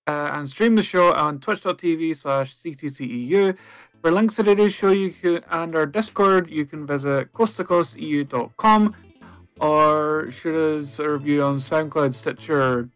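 A man co-hosting a casual gaming podcast, sleepy and low-key, with deadpan jokes. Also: normal speed, clear, resonant tone, no echo, faint music behind. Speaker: podcast co-host.

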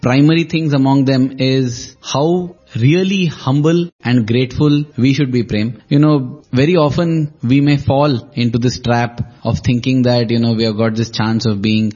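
A man reflects in a measured way on the meaning of a devotional story. His voice sits at a middle pitch and sounds husky. The audio is dull and lo-fi. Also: fairly even intonation, a little mellow. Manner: measured and reflective, draws morals. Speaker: co-host.

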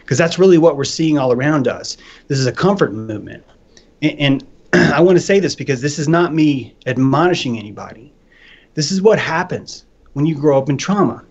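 A man in casual podcast talk, animated and profane, who slips into voices to make his points. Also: a little high, fairly quick. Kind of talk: casual chat. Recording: dull lo-fi sound.

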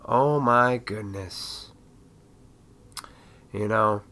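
A man with a cold, his voice raspy, hosting a solo podcast and ranting in a heated, profane way. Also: lowish voice, very slow, sharp tone. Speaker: podcast host.

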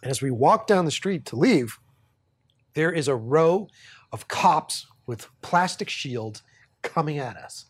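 A man telling a story on a podcast, his voice a bit high for a man and lively, swinging up and down in pitch. He talks casually and swears a lot, and laughs often. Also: measured pace, slightly rough. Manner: animated, profane, laughs while telling stories. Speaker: podcast host.

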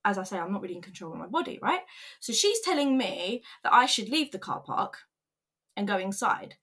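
Young woman, candid personal vlog storytelling, earnest and open, mid-pitched voice. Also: big pitch swings, brisk, bright, forceful tone. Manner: candid, earnest, emotional retelling with quoted voices.

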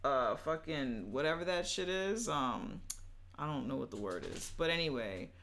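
A woman's voice: sits low, sing-song, normal speed, fairly bright tone, a little hiss or hum. A woman in casual chat who gives frank opinions and often answers with short agreements.

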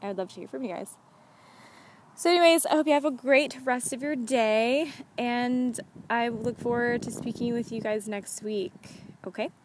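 A woman's voice: fairly high pitch, normal speed, a little hiss or hum. Chatty young woman hosting a podcast. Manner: chatty, earnest, heavy use of "like". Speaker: podcast host. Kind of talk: casual solo podcast talk.

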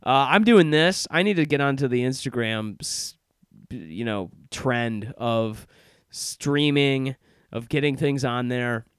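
A man's voice: medium pitch, takes it slowly, smooth, no echo, clean studio sound. A young man hosting his podcast, rambling through a casual self-deprecating intro in a sardonic tone. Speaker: podcast host. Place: office in Chicago.

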